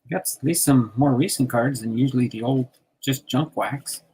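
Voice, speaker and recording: An older man from New Jersey hosting a relaxed chat, reading out card names and laughing often. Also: medium pitch, normal speed, husky. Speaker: host sorting baseball cards on a stream. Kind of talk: casual chat.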